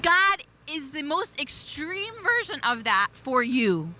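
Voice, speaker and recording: A woman preaching a devotional message in an emphatic way, repeating key phrases and slowing down on declarations. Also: high voice, sing-song, pushed and bright. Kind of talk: devotional sermon.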